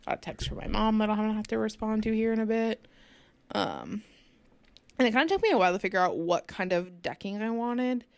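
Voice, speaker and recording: A woman's voice: mid-range voice, expressive, a little fast, dry recording. A young woman commenting casually over a game build, chatty and rambling with many fillers, sounding sleepy. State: sleepy, yawning. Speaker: gaming channel host.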